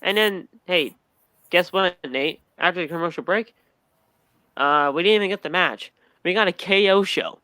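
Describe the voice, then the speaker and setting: A man's voice: high voice, moderate pace, pushed and bright, clear, resonant tone, no room sound. A man casually recapping a wrestling show on a podcast, stammering and acting out quotes as he goes.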